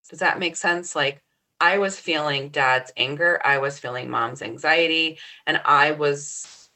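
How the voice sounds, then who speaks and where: Podcast co-host, forties, woman; low register but a bright, forward tone; earnest, reflective chat. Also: a little slow. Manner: earnest, often checks in with "right?". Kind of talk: casual reflective conversation.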